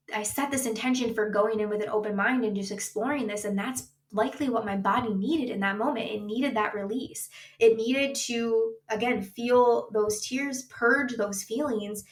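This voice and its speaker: A woman's voice: on the high side, distant mic. A woman sex coach hosts her own podcast and talks candidly in a loose, chatty way, full of likes and restarts. She speaks from a room at home, sitting a little back from the mic, so her voice carries a roomy echo. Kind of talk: casual solo podcast talk.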